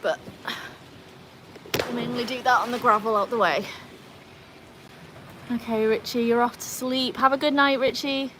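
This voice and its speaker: Woman, livestream host, outdoors by a pool, chatty, high sing-song with the dogs, faint outdoor ambience. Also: steady tone, a little slow, pauses often, background noise. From Wales. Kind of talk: casual livestream chat with viewers.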